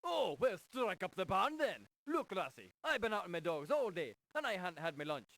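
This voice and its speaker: An actor playing a grumpy, brusque desk sergeant in a 1990s adventure game, with a put-on Scottish-sounding brogue. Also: male voice, high voice, very animated, normal speed, a bit bright, no room sound, heavily acted. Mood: dismissive. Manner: brusque, dismissive. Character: gruff grumpy desk sergeant, middle-aged man.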